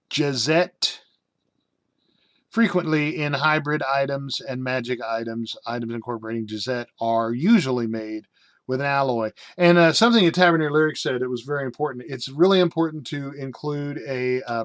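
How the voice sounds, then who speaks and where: Rambling jokey man reviewing a rulebook. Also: medium pitch. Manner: rambling, jokey asides, many fillers. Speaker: tabletop game reviewer. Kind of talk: casual review reading from a rulebook.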